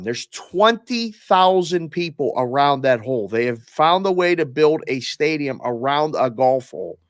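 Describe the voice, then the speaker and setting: Animated storytelling man, dry close sound. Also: a little high, no echo. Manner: animated storyteller, acts out the people he quotes. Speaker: guest, former oddsmaker. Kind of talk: casual sports-betting chat.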